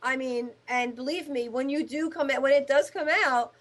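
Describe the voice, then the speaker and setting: A woman's voice: high-pitched, fairly even intonation, moderate pace. A woman hosting a radio talk show, chatting enthusiastically with her guest.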